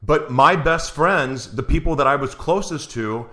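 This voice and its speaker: A man's voice: a little high, expressive, measured pace, bright, forceful tone. A man hosting an interview, asking earnest, searching questions with frequent restarts. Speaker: interview host. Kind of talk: conversational interview.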